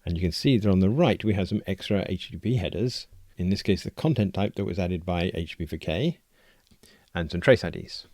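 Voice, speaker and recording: A low-voiced man with a gravelly edge narrates a coding screencast, thinking aloud as he explains each step. The sound is close and dry, with no room around it. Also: brisk, a little mellow, dry recording. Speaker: programming tutorial host.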